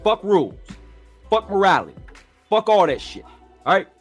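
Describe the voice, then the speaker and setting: A man's voice: high voice, very animated, moderate pace, slightly rough, faint music behind. A man hosting a talk show, ranting bluntly and swearing often. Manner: blunt, profane, confrontational. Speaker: show host. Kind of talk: casual profane talk show rant.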